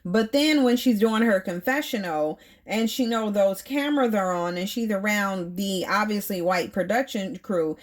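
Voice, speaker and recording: A woman in her thirties reviewing a reality TV show, talking bluntly and emphatically and asking her viewers rhetorical questions. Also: mid-range voice. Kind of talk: opinionated commentary.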